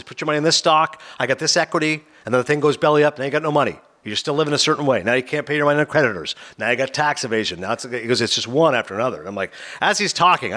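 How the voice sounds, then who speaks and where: A man hosting a talk show, retelling a documentary in a casual, animated way and slipping into quoted voices. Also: mid-range voice. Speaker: host.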